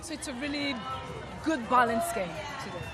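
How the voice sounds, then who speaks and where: Woman pundit, high voice, earnest, crowd noise underneath. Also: animated, moderate pace. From France. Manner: earnest, searching for words. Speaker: football pundit. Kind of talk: live match analysis.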